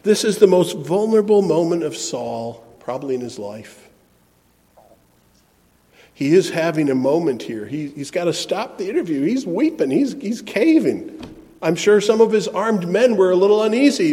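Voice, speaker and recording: Expressive preacher in a reverberant hall. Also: male voice, high voice, moderate pace. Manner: expressive, shifts between soft and emphatic delivery. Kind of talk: sermon.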